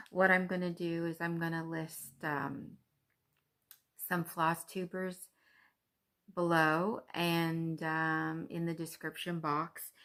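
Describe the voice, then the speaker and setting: A woman's voice: fairly low pitch, a bit bright. A woman from Canada chatting casually and cheerfully to her viewers about her stitching, with frequent ums. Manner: chatty, upbeat, with many ums. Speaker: cross-stitch vlogger.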